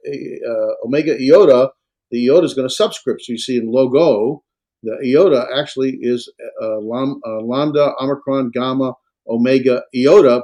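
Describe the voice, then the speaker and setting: A man's voice: mid-range voice, dark tone. Man teaching a Greek class. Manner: halting, many fillers and self-corrections. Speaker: Greek instructor. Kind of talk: classroom lecture.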